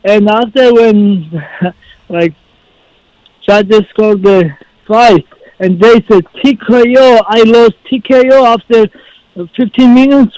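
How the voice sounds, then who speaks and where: A man calling in as a fighter guest, telling his story earnestly in halting, broken English. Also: high-pitched, fairly even intonation, a little mellow, no room sound, low-quality recording. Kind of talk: phone-in interview. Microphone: phone call.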